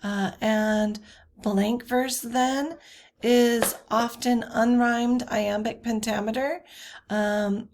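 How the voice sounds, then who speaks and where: A woman teaching a recorded slide lecture, talking slowly with many fillers and self-corrections. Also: a little high, steady tone, a little mellow, slight background noise.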